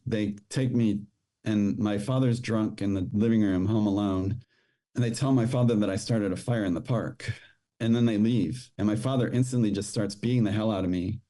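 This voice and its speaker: Man, middle-aged, low voice, mellow tone, halting personal storytelling, guest. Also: steady tone. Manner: rushed, halting retelling with restarts. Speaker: podcast guest.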